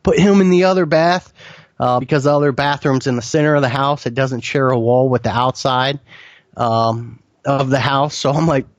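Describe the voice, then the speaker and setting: A man's voice: mid-range voice, fairly even intonation, moderate pace, no room sound, highs cut off. A man earnestly recounting a frightening encounter in detail as an interview guest, often restarting his sentences. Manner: earnest, vivid retelling with frequent restarts. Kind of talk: first-person storytelling.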